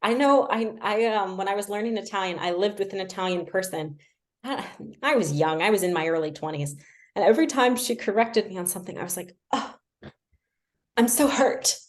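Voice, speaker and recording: On a livestream, a young adult woman gives a relaxed language-learning lesson at a brisk pace and medium pitch. She's talkative, pokes fun at herself, and uses plenty of fillers.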